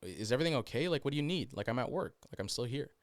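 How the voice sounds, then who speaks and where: A man's voice: mid-range voice, lively intonation, racing, dry recording, studio quality, close to an everyday voice. A man voicing a grown son taking a phone call at work, impatient and confused. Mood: puzzled.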